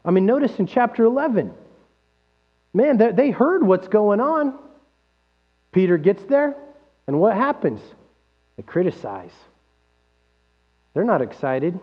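Man, pastor, sermon, high voice, animated, rhetorical questions, dull lo-fi recording, mains hum. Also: a little slow, long pauses, husky. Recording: dull lo-fi sound with long hall reverb and mains hum.

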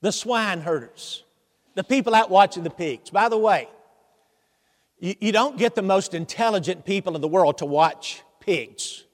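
A man's voice: high voice, moderate pace. A man preaching a sermon, telling the story animatedly with humor and asking the congregation questions. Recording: long hall reverb.

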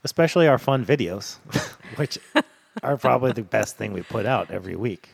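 A man's voice: medium pitch, normal speed, vocal fry, slightly rough. A man co-hosting a casual church podcast, chatty and easygoing, with lots of fillers. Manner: relaxed, chatty, many fillers and murmured agreement. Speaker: podcast co-host.

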